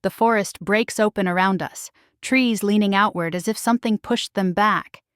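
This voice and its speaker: A woman narrating a first-person paranormal romance story in a slow, dramatic delivery. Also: medium pitch, clean tone, no room sound, studio quality.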